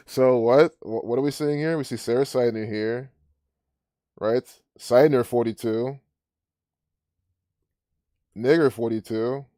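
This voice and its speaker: A man's voice: medium pitch, steady tone, takes it slowly, long pauses, dark tone, no echo, studio quality. A man hosting his own commentary channel, talking casually and scornfully over a news clip, often sarcastic and laughing.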